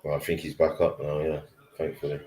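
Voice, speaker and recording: Male co-host, very deep voice, tired grumbling commentary. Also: monotone, brisk, mellow. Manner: weary, grumbling. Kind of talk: casual live watchalong chat.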